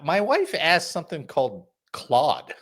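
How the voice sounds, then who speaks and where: A man's voice: fairly high pitch, unhurried. A man hosting a weekly news and variety podcast, telling a story in casual chat and swearing freely. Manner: profane, animated storytelling. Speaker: podcast host.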